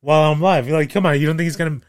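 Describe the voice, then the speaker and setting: A man's voice: fairly high pitch, fairly even intonation, racing. A man co-hosting a podcast, blunt and profane, stumbling over his words. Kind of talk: casual chat.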